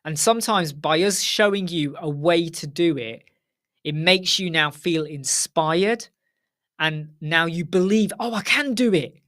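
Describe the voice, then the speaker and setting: A man's voice: fairly high pitch, unhurried, a bit bright. A middle-aged man hosting a casual live Q&A stream from home, talking frankly and straight to his viewers. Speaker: host.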